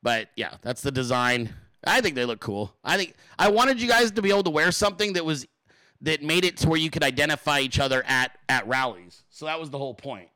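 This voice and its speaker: A man holding forth on his own show, swearing freely as he vents his anger. His voice sits a bit high and pushes hard with a tense, forceful edge. The sound is dry and close, with no room behind it. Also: lively intonation, a little fast, no echo, rough recording. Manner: angry, profane, blunt venting. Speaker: show host. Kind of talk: ranting solo talk-show monologue.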